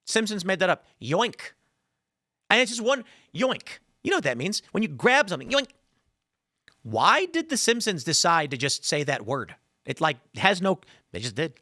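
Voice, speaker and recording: A Chicago man hosts a solo political commentary, arguing his opinions in an opinionated, combative way and often restarting sentences. His voice is high-pitched, sing-song, brisk, pushed and bright. The studio recording is clean with no echo.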